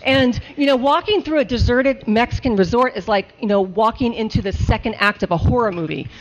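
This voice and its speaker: Animated woman telling a comic story. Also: on the high side, brisk. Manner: animated, laughing often. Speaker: storyteller on a live show. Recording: dull lo-fi live recording with faint hiss.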